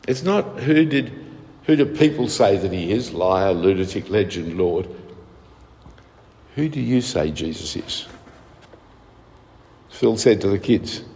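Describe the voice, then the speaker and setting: A man's voice: medium pitch, darkish tone. A man preaching a sermon in a conversational way, often asking rhetorical tag questions. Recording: long hall reverb.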